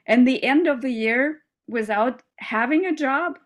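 A woman's voice: high voice, unhurried, hardly any pauses. A woman speaking as an interview guest in a casual, heartfelt conversation, earnest and upbeat, with many fillers and small laughs. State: mother.

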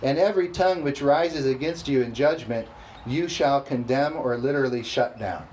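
A man preaching a sermon, reading scripture slowly and emphatically and calling for responses from the congregation. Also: medium pitch, a little mellow, slight background noise, poor audio. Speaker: pastor.

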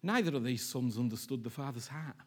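Husky-voiced preacher man. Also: mid-range voice, a little fast. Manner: emphatic, repetitive, addressing the congregation directly. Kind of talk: sermon and closing prayer. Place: church hall with a congregation.

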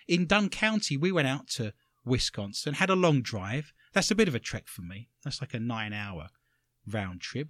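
A man with an English accent hosting a comedic radio show, telling stories with sarcastic, animated delivery. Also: medium pitch, no room sound. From England. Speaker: radio host.

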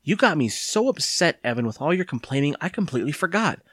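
A man's voice: fairly high pitch, big pitch swings, fast, breathy edge, dry recording, pitched above the performer's own voice. A man doing an impatient scolding mother. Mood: reassuring. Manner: curt, scolding, exasperated. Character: impatient, firm young mother.

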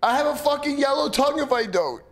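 Young man, high lively voice, defensive casual banter. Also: quick pace. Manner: defensive, swearing. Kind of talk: casual chat.

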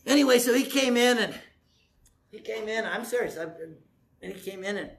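A man's voice: sits high, normal speed, gravelly, a bit bright. A pastor in his sixties preaches a sermon like he is chatting with friends. His manner is folksy and joking, with a plain, easygoing conversational delivery. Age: 60s.

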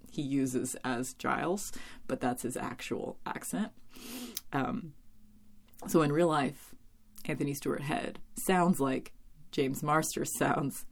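A woman's voice: a bass voice, creaky, a little mellow. A woman talking in a casual, rambling way, full of fillers and blunt asides, as she reviews a TV episode. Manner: chatty and rambling, with many fillers and cursing asides. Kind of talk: casual chat.

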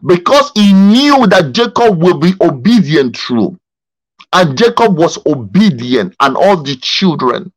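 Male pastor, high voice, dry close sound, animated storytelling with stumbles, video call Bible study. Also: a little slow, no echo, rough recording. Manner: animated storyteller who stumbles and repeats words.

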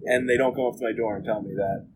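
A man's voice: medium pitch, steady tone, fast, noisy background. Blunt, profane man telling his story. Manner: blunt, profane, rambling with many "like" fillers. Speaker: interview guest. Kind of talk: candid storytelling about jail and addiction.

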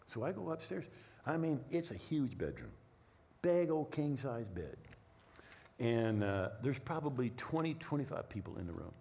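Middle-aged male pastor, sermon storytelling, animated delivery with lots of pitch movement, repeats words. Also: moderate pace, vocal fry.

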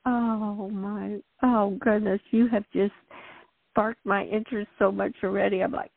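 A woman's voice: mid-range voice, flat delivery, a little slow, vocal fry, no room sound. A woman hosting an interview, reacting with gushing exclamations. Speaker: host. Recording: dry tinny phone line.

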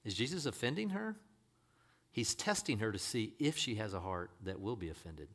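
A man's voice: fairly low pitch, big pitch swings, normal speed, a bit bright. A man preaching a sermon, emphatic and direct, firing rhetorical questions at the congregation.

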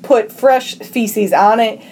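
A woman's voice: on the high side, steady tone, takes it slowly, a little mellow, slight background noise. A woman co-hosting a casual podcast, adding wry, nitpicking comments. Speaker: podcast co-host. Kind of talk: casual chat.

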